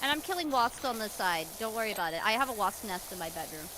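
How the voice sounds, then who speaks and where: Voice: mid-range voice, lively intonation, fast, noisy background. A co-host on a live stream, talking bluntly and swearing freely in casual chat.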